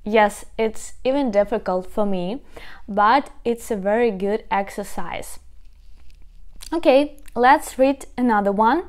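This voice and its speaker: A young woman with a Ukrainian accent teaching pronunciation, reading tongue twisters slowly and then faster and faster. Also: fairly high pitch. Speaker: language teacher. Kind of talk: slow, careful pronunciation lesson.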